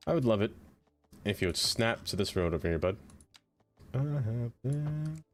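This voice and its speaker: A man's voice: sits low, fast, soft background music. A man streaming a city-building game, chatting to his viewers and talking back to the game as he plays. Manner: chatty, talks to the game and to chat. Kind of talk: live gameplay commentary.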